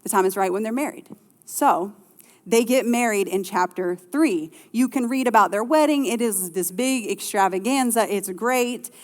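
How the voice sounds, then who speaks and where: Lively woman preaching in a hall. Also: medium pitch, normal speed. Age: middle-aged. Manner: lively, conversational preaching with playful asides. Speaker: pastor. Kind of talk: sermon.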